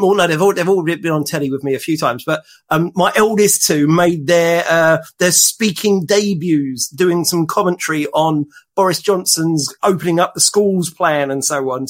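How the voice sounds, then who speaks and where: A man with a high voice, co-hosting a relaxed podcast. He tells his stories in halting bursts, restarting phrases as he goes. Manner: halting storyteller with many restarts. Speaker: podcast co-host. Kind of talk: casual chat.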